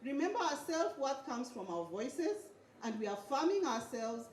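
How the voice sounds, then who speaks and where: A woman's voice: sits high, sing-song, normal speed, a little hiss or hum. Lady fired up, motivational talk, gets the crowd chanting back, lots of bounce in her voice, roomy hall sound. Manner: emphatic, leads call-and-response chants with the audience. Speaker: speaker at a graduation ceremony. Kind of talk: motivational speech. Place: event hall with an audience. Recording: echoey hall.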